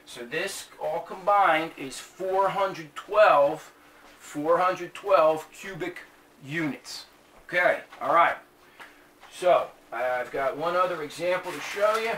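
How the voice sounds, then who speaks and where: Male math teacher, high bright voice, joking manner; echoey classroom, mic a bit far off. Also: slow pace. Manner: chatty, tells jokes between steps. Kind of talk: classroom math lesson with jokes. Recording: echoey room, mic at a distance, faint hiss.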